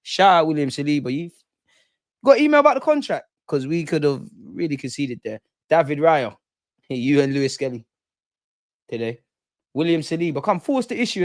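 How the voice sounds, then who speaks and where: A young man hosts a live football watch-along, reacting to the match with passion, slang, banter and frequent swearing. His voice is on the high side with a darkish tone, and the recording is dry.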